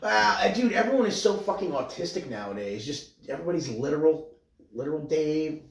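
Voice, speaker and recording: A brash man co-hosts a casual podcast, cracking crude jokes. His voice is a little higher than most men's and swings up and down a lot. It sounds echoey, as if recorded in a bare room. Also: brisk, vocal fry, recorded from a distance. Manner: animated, brash, crude joking. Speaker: podcast co-host.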